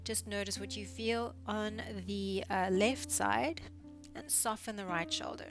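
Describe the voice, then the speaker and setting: A woman leads a neck mobility session as a physiotherapist, speaking at an ordinary middle pitch. She cues each movement calmly and gently, with encouragement along the way. Faint guitar music plays quietly behind her. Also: measured pace. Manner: calm, encouraging step-by-step cueing. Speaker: physiotherapist instructor. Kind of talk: guided exercise instruction.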